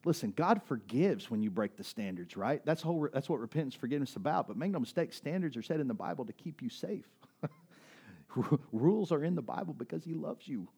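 A male pastor preaching a sermon, telling a personal story that swings between excited high bursts and soft emotional moments. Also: slightly rough. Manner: storytelling with quick rises in pitch and drops to soft emotional asides. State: near tears at times.

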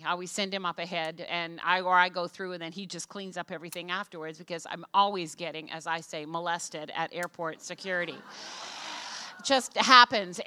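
An older woman pastor from Canada preaches to her congregation, her voice bright and clear. She tells personal stories with lively, self-deprecating humor. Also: medium pitch. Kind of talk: sermon. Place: church stage before a congregation.

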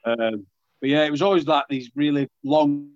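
A young man, chatting in an interview about playing rugby league, with a relaxed, self-deprecating manner and lots of restarts. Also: fairly high pitch, unhurried, no room sound, dull audio. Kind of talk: casual interview chat.

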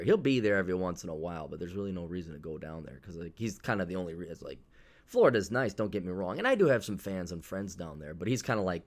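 A man hosting a casual solo podcast, talking in a blunt, profane, sarcastic way, rambling with fillers. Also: low voice. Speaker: podcast host.

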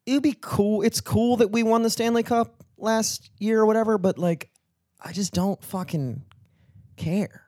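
A man's voice: high-pitched, a little slow, a little mellow, no echo, studio quality. A young man from the Baltimore area co-hosting a podcast, chatting in profane, slangy, opinionated talk. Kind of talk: casual chat.

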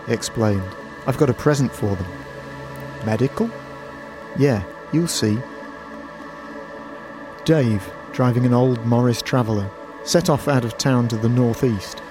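A man narrates a written story in a calm, measured voice of ordinary pitch. Music plays clearly in the background throughout.

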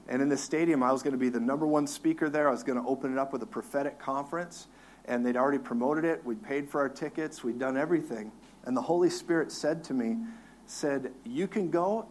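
Animated male preacher telling a testimony. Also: medium pitch, slight background noise. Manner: animated storyteller, laughs and acts out his own crying. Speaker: minister. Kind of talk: testimony on a talk show.

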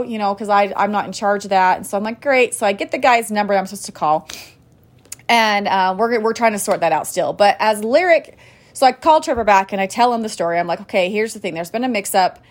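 A woman in her thirties chatting casually to viewers, telling a family story with lots of fillers and quoted dialogue. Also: mid-range voice. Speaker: vlogger and mom.

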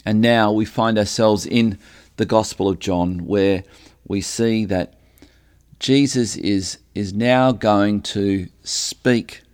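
A man preaching a sermon, speaking slowly and deliberately and lifting his voice on quoted lines. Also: on the low side, steady tone, a little mellow, smooth. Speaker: pastor.

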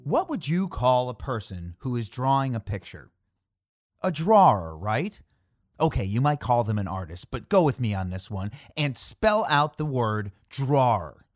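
A man's voice: medium pitch, sing-song, normal speed, no echo, faint music behind. A man giving a scripted narration that explains English words, playful and pun-filled, spelling words out letter by letter. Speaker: language explainer.

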